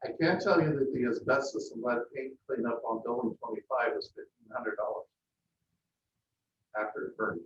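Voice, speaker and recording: A man speaking at a public meeting as airport manager, plainspoken and hesitant with frequent pauses. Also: mid-range voice, slight background noise. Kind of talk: meeting discussion. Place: council meeting room. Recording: echoey, distant, muffled meeting audio.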